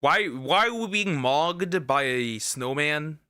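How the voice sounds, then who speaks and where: A young man reacts to a video, joking, rambling and heavy on internet slang. His voice is bright and sits a bit high for a man. The sound is dry and close, with no room around it. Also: lively intonation, takes it slowly, clear, resonant tone, dry recording. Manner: rambling, jokey, full of slang and restarts. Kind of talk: casual reaction commentary.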